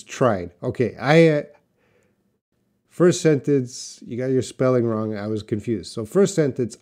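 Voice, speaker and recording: A male English instructor hosts a live Q&A, his mid-range voice carrying a slightly dark tone. He responds to viewers slowly and with patience, illustrating points through example sentences.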